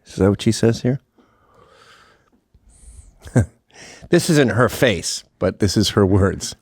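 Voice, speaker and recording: A man's voice: on the low side, animated, slow pace, darkish tone. A man hosting a show, talking through a sarcastic, profane monologue and laughing at his own jokes. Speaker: host. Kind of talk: casual monologue commentary.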